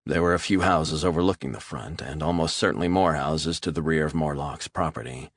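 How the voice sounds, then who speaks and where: A man reading a thriller audiobook as narrator, steady and measured. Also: rumbling low, vocal fry, breathy edge, no echo, studio quality. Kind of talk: scripted narration.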